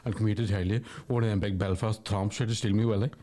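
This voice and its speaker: A man's voice: lowish voice, steady tone, quick pace, mellow, lightly acted. A man voicing a timid young male student who whines to his mammy. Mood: whining. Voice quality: whiny, childish.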